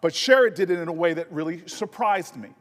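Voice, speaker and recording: A man giving an animated, humorous floor speech as a senator, telling anecdotes in a large legislative chamber. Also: sits high, fairly quick. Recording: long reverb of a large chamber.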